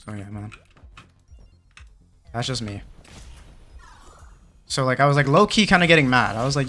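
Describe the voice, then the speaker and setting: A man's voice: mid-range voice, lively intonation, normal speed, long pauses, sharp tone, faint music behind. A young man hosting a gaming channel, telling a story in casual slang with lots of fillers, then muttering along as he plays. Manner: muttering game commentary. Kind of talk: casual chat while playing a game.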